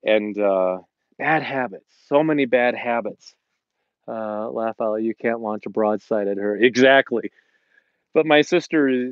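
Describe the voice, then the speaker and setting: A middle-aged man talks at an ordinary pitch in a rambling, chatty way, acting out the lines he quotes. His voice sounds dull and lo-fi. The room around him is dry, with no echo. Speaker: fitness instructor and host. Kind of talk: casual live-stream chat. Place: home in the Colorado mountains.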